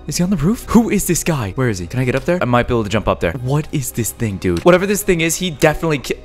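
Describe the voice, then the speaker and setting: A young man giving casual gameplay commentary straight to his viewers, full of slang. His pitch swings widely, and he gasps and yells whenever something startles him. Faint music plays underneath. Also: fast. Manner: jumpy, excitable, gasps and yells when startled. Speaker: gaming YouTuber.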